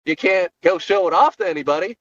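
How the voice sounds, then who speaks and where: A man co-hosting a podcast, delivering an animated, jokey solo rant recorded in his car. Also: sits high, fast talker, lo-fi sound. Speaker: podcast co-host.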